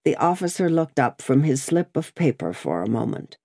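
A woman narrating a classic novel as an audiobook, in a measured storytelling manner. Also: deep voice, sing-song, creaky, dark tone, dry recording, clean studio sound.

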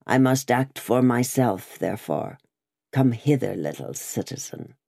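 A woman reading aloud, voicing a stern, vengeful revolutionary woman in a cold, deliberate manner. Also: extremely low pitch, lively intonation, vocal fry, mellow, no echo, studio quality, full character voice.

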